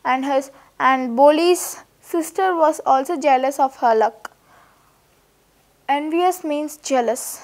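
High-voiced woman teacher. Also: takes it slowly. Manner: hesitant, repeats and restarts while paraphrasing. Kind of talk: reading and explaining a story lesson.

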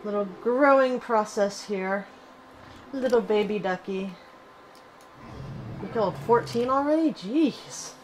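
A woman hosting casual gameplay commentary, chatty and excitable, cooing fondly at her in-game pet. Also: mid-range voice, slow pace, long pauses, slight background noise, rough recording. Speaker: gaming channel host.

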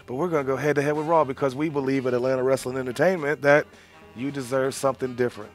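A man's voice: medium pitch, fairly even intonation, fast, soft background music. A man, a pro wrestler guest in a studio, taunting and cutting brash promo-style talk. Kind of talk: trash-talking studio banter.

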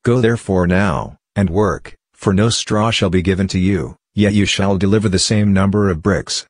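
Man, very low voice, steady measured Bible reading, dry close sound. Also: no echo. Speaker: Bible reader.

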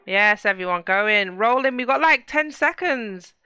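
A woman's voice: a little high, expressive, normal speed, hardly any pauses, sharp tone, smooth, no room sound, studio quality. A woman hosting a casual let's play, chatting to viewers and exclaiming at what happens in the game. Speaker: gaming channel host.

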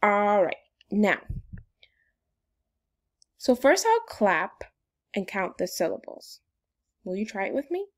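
A woman teacher leads a phonics lesson for young children. Her voice sits at an ordinary middle pitch, and her delivery is upbeat and sing-song, the way a teacher talks to small kids. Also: sing-song, slow pace, long pauses.

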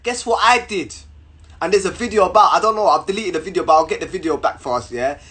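Animated young man. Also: sits high, fast talker. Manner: animated, repetitive, slangy storytelling. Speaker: vlogger. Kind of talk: storytime to camera.

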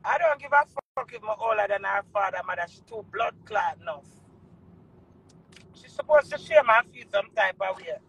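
With a Jamaican accent, a woman launches into an angry, profane rant, cursing over and over in a heated monologue. Her voice sits on the high side, bright and forceful with a slight roughness. The audio quality is poor.

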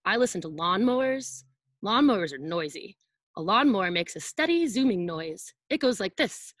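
A woman's voice: mid-range voice, very animated, normal speed, a bit bright, no echo. A woman preschool teacher reading a picture book aloud to children over a video call, playfully acting out sound effects and asking them to join in.

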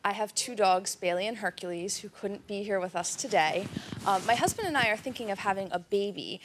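A woman's voice: mid-range voice, slight background noise. A woman from Pennsylvania in a studio audience, asking a question about her dogs. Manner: quick, chatty question. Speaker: audience member.

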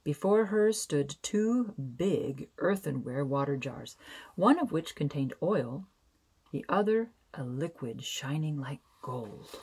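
A woman reading a fairy tale aloud as a bedtime story, gentle and expressive, slowing down for emphasis. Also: low voice, slightly rough.

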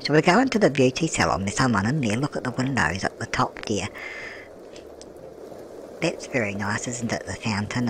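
A man's voice: medium pitch, noisy background. A man doing a doting old nanna. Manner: calls everyone love, dear and darling, chatty tag questions. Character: doting old grandmother narrator. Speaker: gameplay channel host. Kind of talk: gameplay commentary in a doting granny persona.

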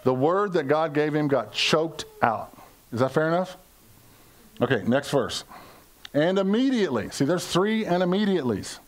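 Before his congregation at church, an older American man delivers a chatty sermon as pastor. He jokes, poses questions, and performs quoted lines in playful voices, speaking expressively at normal speed in a slightly high voice.

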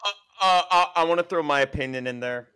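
A man on a group call calmly laying out criticism, with hesitant fillers. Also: fairly high pitch, smooth, dry recording. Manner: measured, airing criticism with fillers. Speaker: co-host. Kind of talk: heated online group call argument.

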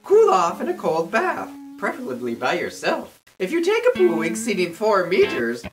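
A tiny, fussy leprechaun shrieks and fusses in a falsetto that leaps all over the place. His mock Irish lilt is clumsy and his outbursts are melodramatic and bawdy. Loud music plays behind him. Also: wildly swooping pitch, moderate pace, poor audio. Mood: ranting. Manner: squealing, dramatic exclamations. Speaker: comic puppet character. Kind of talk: comedy vlog sketch.

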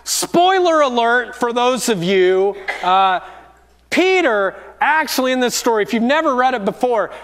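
Male lead pastor, unhurried sermon delivery, lively storyteller who acts out voices. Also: very high-pitched. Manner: storytelling, acting out quoted voices. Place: church auditorium.

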